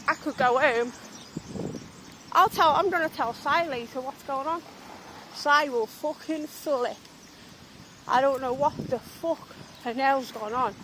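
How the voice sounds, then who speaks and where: A woman's voice: high-pitched, fairly bright tone, slight background noise, low-quality recording. A young woman tour guide vlogging, agitated and swearing as she retells an argument. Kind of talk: ranting vlog monologue.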